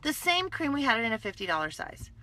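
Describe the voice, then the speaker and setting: A woman in her fifties from California hosts a casual livestream into her phone. Her voice is bright and forceful, and she is playful and animated. She keeps breaking off to greet viewers by name. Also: on the high side, fast talker. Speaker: livestream host selling skincare. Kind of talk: casual Facebook Live chat.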